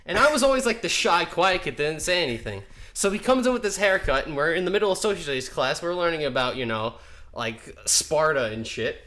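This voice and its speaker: A young man telling a school story on a casual podcast, animated and laughing as he acts out the people in it. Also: fairly high pitch, brisk. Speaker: podcast co-host.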